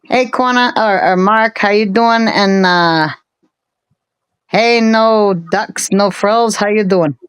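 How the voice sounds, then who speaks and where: A woman's voice: medium pitch, fairly even intonation, a little slow, clear, resonant tone, no echo. A woman in her forties chatting casually on a live stream, rambling and laughing often. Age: 40s.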